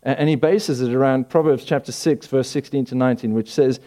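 Man preaching in a mellow voice. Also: medium pitch, steady tone, brisk, hardly any pauses. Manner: conversational preaching with frequent restarts and rhetorical questions. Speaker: pastor. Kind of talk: sermon. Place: church hall.

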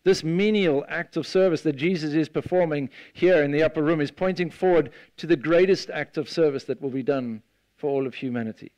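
A man preaching a sermon, retelling a scene with lively storytelling and acting out the voices of the people in it. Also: a little high, fairly quick, dry recording. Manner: animated storytelling, acts out the disciples' voices.

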